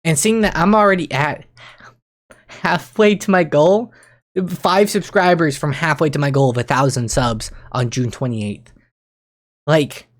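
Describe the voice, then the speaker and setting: Rambling young man, excitable restarts. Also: measured pace. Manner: rambling and excitable, with frequent restarts and pitch jumps. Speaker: streamer and YouTuber. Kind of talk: casual vlog monologue.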